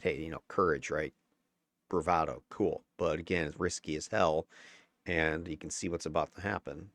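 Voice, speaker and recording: A man's voice: a bass voice, steady tone, moderate pace, fairly bright tone, no echo, clean studio sound. A man giving a casual, candid breakdown of his own gameplay footage, chatty and given to chuckles and mild swearing. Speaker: gameplay commentator.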